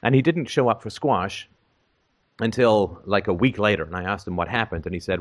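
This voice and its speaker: A man's voice: on the low side, brisk. A middle-aged man from Canada telling a long casual anecdote, rambling with many fillers and restarts. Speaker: storyteller in conversation.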